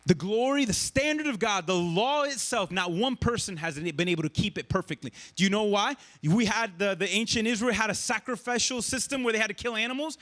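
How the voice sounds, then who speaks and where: A man preaching a casual, conversational sermon with lots of energy, often checking in with "right?". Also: extremely high pitch. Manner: energetic and conversational, keeps asking the crowd "right?". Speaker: pastor.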